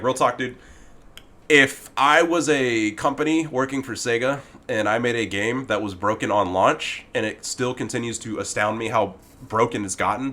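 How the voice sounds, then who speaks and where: A man's voice: lowish voice, fairly bright tone. Heated, profane man ranting. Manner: talks directly to the person he criticizes. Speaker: gaming commentator. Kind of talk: ranting commentary video.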